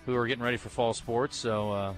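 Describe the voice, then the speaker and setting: A man's voice: mid-range voice, steady tone, quick pace, faint music behind. A man hosting a live sports talk radio show from a bookstore, chatting in an easygoing, bantering way. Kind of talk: casual radio chat.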